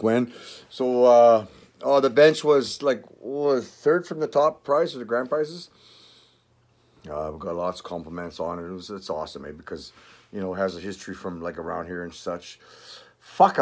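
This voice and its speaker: An older man with a Canadian accent, chatting casually in a vlog, rambling, swearing and laughing often. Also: medium pitch. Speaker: vlogger. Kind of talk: casual chat.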